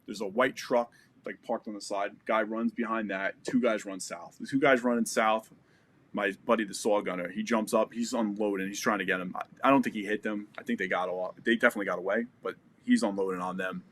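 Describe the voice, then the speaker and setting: A man's voice: fairly low pitch, steady tone, brisk, a bit bright, a little hiss or hum. An American man in his forties, a podcast guest telling a war story in a casual, profane and vivid way. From United States. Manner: profane, vivid, re-enacts dialogue.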